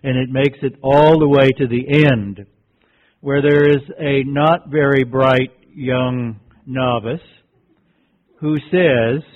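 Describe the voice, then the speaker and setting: Slow, deliberate man on a tinny line. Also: medium pitch, steady tone. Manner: measured, deliberate storytelling. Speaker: workshop presenter. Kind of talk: reflective lecture with storytelling. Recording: tinny phone-like recording.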